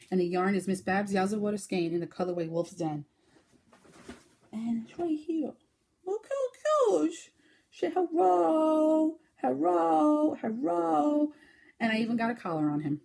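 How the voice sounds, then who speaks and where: Chatty woman hosting a craft podcast. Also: darkish tone. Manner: chatty, fast-talking, with fillers and sudden high baby-talk bursts. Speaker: podcast host. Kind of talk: casual crochet podcast chat.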